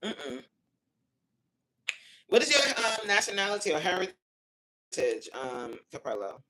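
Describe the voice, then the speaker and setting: A woman talks to her viewers over a phone livestream from home, her voice lower than most and swinging widely in pitch. She reads comments aloud and grumbles about the stream cutting out, in a loose, chatty way. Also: big pitch swings, slow pace, fairly bright tone. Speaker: livestream host reading chat. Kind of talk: casual livestream chat.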